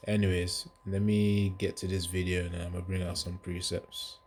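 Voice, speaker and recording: A man's voice: low voice, little pitch movement, moderate pace, darkish tone, a little hiss or hum. A man giving casual religious commentary in a loose, rambling way, full of filler asides.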